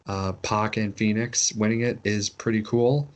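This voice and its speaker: A man's voice: lowish voice, little pitch movement, a little slow. A man co-hosting a casual podcast, rambling and teasing his co-host. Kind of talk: casual chat.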